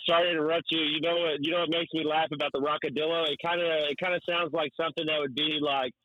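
A man co-hosting a podcast who jumps in with quick, jokey asides during casual chat. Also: fairly high pitch, level tone, bright, forceful tone, highs cut off, a little hiss or hum. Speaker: podcast co-host.

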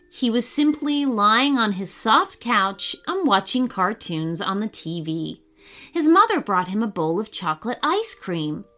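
Animated woman reading a kids' story. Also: mid-range voice. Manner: expressive, animated read-aloud. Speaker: host and storyteller. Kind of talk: children's story narration.

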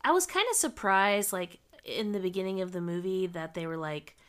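A woman's voice: normal speed, clear, resonant tone. A woman co-hosting a casual podcast, rambling and giggly as she talks it through. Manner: rambling and giggly, quoting with big jumps up in pitch. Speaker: podcast co-host. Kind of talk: casual chat.

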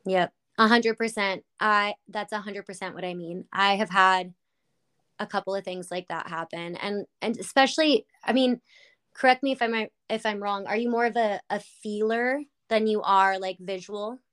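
A woman's voice: mid-range voice, normal speed, clean tone. A woman podcast host in casual chat, telling stories animatedly with lots of fillers. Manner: animated storytelling with many fillers.

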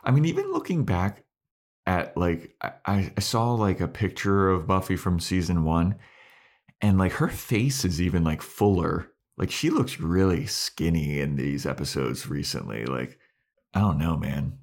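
Male podcast co-host, low and lively, casual, acts out lines from the scenes. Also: unhurried. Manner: animated, acts out characters' lines, swears casually. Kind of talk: casual chat.

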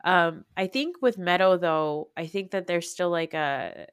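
Animated low-voiced woman podcast host. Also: unhurried, clean tone, no echo, studio quality. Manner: animated, laughs often, acts out scenes. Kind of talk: casual chat.

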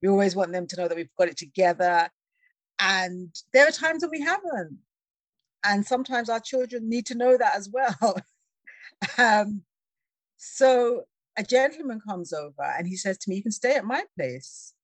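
A woman telling a personal travel story in a conversation, lively and laughing, acting out the voices of the people she quotes. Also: mid-range voice, moderate pace, no echo. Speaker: guest.

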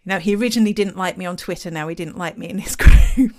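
A woman's voice: on the low side, fast talker, darkish tone. A woman with an Essex accent co-hosting a podcast, chatting casually with frequent laughs and ranty asides. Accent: Essex English. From England. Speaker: podcast co-host.

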